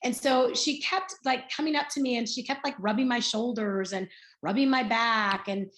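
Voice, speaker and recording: A woman's voice: a little high, moderate pace, a bit bright. A woman in her sixties telling her personal story in a chatty, storytelling way on a video call, acting out bits of dialogue as she goes. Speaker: guest speaker. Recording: roomy echo.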